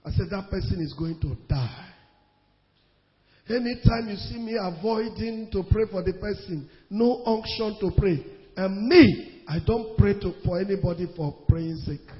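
A Nigerian pastor preaching with a high, emphatic voice that swings between loud bursts and hushed asides, repeating his lines for weight. The sound is dull and lo-fi, with a long reverb trailing off the hall. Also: unhurried. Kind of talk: sermon.

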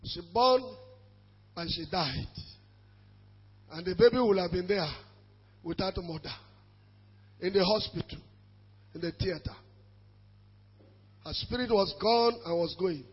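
A man preaching a sermon as pastor, emphatic, with shouted calls for the congregation to repeat after him. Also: sits high, measured pace, long pauses, breathy edge, dull audio.

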